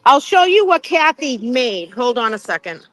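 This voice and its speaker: Chatty high-voiced woman streaming outdoors. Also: sing-song, moderate pace, fairly bright tone. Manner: chatty, greets viewers by name, swears casually. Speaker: live streamer. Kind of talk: casual live stream chat. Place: outdoors at a courthouse.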